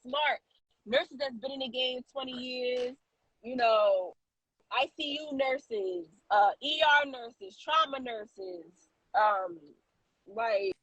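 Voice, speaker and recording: A woman co-hosting a casual podcast, telling a story in an animated way with lots of fillers and restarts. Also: high voice, slow, breathy edge, no room sound, highs cut off. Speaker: co-host.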